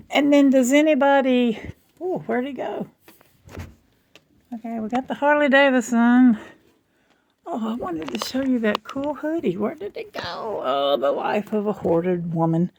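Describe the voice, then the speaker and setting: A woman vlogging at home in rambling, chatty talk with a gravelly fry. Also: on the high side, expressive, darkish tone. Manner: rambling, chatty, slow and drawling. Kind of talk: casual chat.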